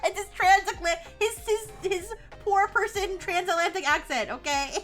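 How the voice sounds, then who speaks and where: A woman's voice: very high-pitched, normal speed, fairly bright tone, soft background music. A young woman streaming live, reading posts aloud in casual commentary with sarcastic asides. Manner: reads text aloud with frequent laughs and sarcastic asides.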